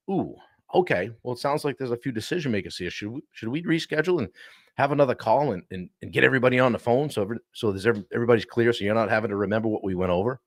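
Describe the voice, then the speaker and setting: A man hosting a live-stream coaching talk, animated and often clearing his throat. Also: medium pitch, racing, dry recording, studio quality. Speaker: sales coach and show host.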